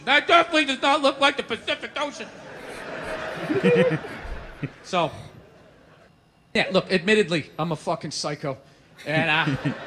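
A man doing a stand-up comedy routine, telling stories loudly and profanely and acting out characters in different voices. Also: fairly high pitch, husky. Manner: loud, animated storytelling, profane, acts out characters.

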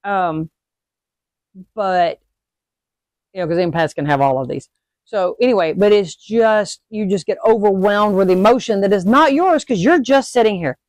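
A witchcraft host with a mid-range voice gives a casual lesson at moderate pace, checking "okay?" and "all right?" after almost each point. Acting out sudden emotions makes her animated, and the audio has no echo.

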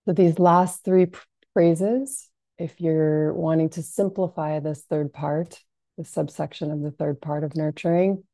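Slow, gravelly-voiced woman guiding calmly. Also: sits low, no room sound. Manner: soft, unhurried, calming delivery with frequent fillers. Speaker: compassionate inquiry practitioner. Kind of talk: gentle guided self-soothing lesson.

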